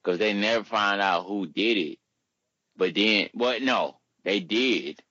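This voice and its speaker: A man's voice: on the low side, takes it slowly, bright, forceful tone, dry recording, muffled recording. A man in a casual podcast chat, talking animatedly in loose, profane slang.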